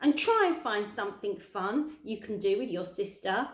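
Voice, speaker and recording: A woman voicing a kindly, polite old male tramp with gentle, old-fashioned manners, in a roomy-sounding recording. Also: mid-range voice, big pitch swings, moderate pace, natural voice. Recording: roomy echo.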